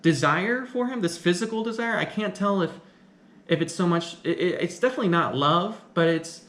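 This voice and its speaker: A man's voice: sits high, moderate pace, fairly bright tone. A man giving a casual film review, thinking aloud and questioning the plot as he goes. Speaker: film commentator. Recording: echoey room.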